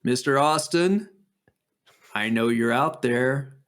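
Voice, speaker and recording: A man voicing a stern male wrestling coach who calls out a low, firm, deliberate threat. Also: a bit bright. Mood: menacing.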